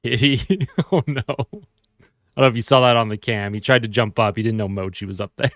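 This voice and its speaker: A man's voice: lowish voice, a little fast, a bit bright, dry recording, clean studio sound. A man hosting a casual live fan stream, chatting and answering viewer comments while sleepy and yawning at home. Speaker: livestream host.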